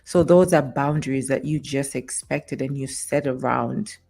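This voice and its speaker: Woman co-host, casual talk, slow and searching, thinks out loud. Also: a bass voice, vocal fry. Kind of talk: casual chat.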